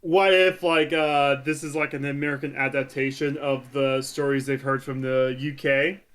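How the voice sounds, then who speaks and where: A man co-hosting a podcast in casual chat, excitable, tripping over his words and laughing often. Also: mid-range voice, moderate pace, clear, resonant tone. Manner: excitable, stumbling restarts and laughs. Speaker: podcast co-host.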